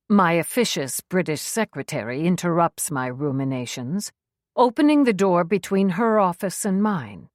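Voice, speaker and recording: A woman reading a first-person story aloud, measured with a wry edge. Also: sits low, no room sound, clean studio sound. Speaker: audiobook narrator. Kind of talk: first-person scripted narration.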